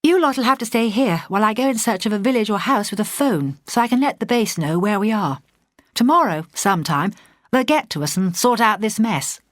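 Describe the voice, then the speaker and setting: Woman reading as a brisk, bossy young skipper in a storybook reading, lively voice, dry close sound. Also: medium pitch, no echo, pitched above the performer's own voice, lightly acted. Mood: urgent. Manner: brisk and decisive. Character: practical young woman boat skipper, urgent.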